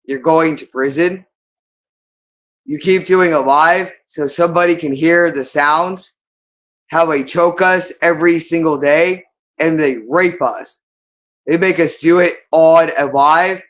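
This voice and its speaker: A woman's voice: low voice, a little slow. A woman ranting angrily on camera, accusing and swearing heavily. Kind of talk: angry monologue.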